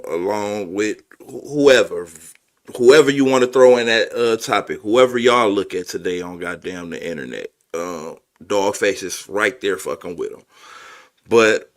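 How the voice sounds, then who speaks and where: A man's voice: lowish voice, fairly bright tone. Emphatic man hosting a podcast. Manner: emphatic, addresses viewers as y'all, swears. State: emotional. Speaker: podcast host. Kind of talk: casual commentary.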